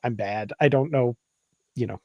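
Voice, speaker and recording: A man's voice: medium pitch, moderate pace, dry recording, muffled recording. Chuckling, hesitant man in casual chat. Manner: chuckling often, hesitant with fillers. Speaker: panelist on a fan discussion show.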